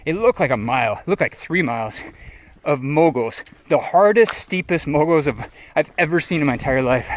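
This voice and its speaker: A middle-aged man telling a lively, casual story on an outdoor trail and acting out his friends' voices. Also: on the high side, fairly quick. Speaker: trail runner vlogger. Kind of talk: casual storytelling while running. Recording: noisy outdoor recording.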